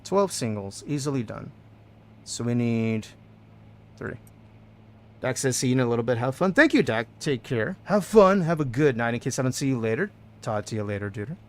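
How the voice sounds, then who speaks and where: A man streaming a game from a home setup, talking to chat into a desk microphone in a casual, joking way. His voice swings widely in pitch as he banters, hums and reacts. A faint hiss sits under the recording. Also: normal speed. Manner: chatty and joking, greets chat, hums and yells when excited.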